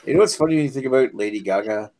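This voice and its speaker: A man's voice: medium pitch, expressive, racing, creaky, darkish tone. A man teasing and joking with friends during a party card game. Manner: jokey, teasing. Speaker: player. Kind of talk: casual gaming chat.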